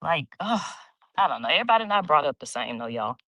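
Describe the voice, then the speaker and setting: A woman's voice: sits low, sing-song, quick pace, pushed and bright, no room sound. A middle-aged woman from Louisiana with a Louisiana twang, chatting casually on a livestream, reading comments and gossiping with a laugh. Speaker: livestream host. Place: home.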